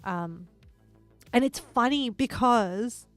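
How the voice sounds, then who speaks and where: Chatty, excitable woman streamer. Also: on the high side, slow pace, soft background music. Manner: rambling and excitable, laughs often. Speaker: livestreamer. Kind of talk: casual livestream chat while building in a game.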